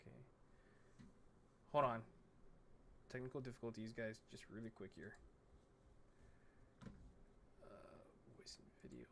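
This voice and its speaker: A man hosting a casual podcast chat on a headset mic, halting and repeating words as he talks. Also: on the low side, very animated, vocal fry, noisy background. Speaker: podcast host.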